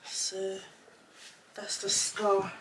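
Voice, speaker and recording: A woman's voice: medium pitch, completely flat delivery, extremely slow, a little hiss or hum. A young woman telling a personal story in a casual vlog, chatty and close to tears at times. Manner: chatty, emotional, fighting back tears. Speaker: vlogger.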